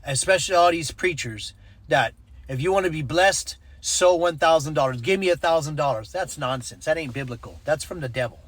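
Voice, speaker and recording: A man's voice: a little high, a little fast, no room sound. A man telling a personal story in a casual vlog, acting out the voices in it and adding preachy asides. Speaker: ministry network leader.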